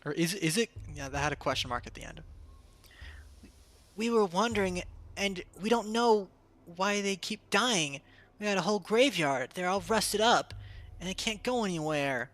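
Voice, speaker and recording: A shrill young village boy throws accusations with total childish certainty, as a man puts him on. The voice sits high and sharp, with a lively, bouncing lilt. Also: moderate pace. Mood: accusing.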